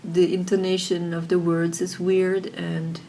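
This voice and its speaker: A woman's voice: on the low side, completely flat delivery, a little slow, background noise. Chatty woman on a laptop mic. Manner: chatty, many fillers like "like" and "you know". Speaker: software tutorial presenter. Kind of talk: casual screen-recorded tutorial. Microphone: built-in laptop microphone.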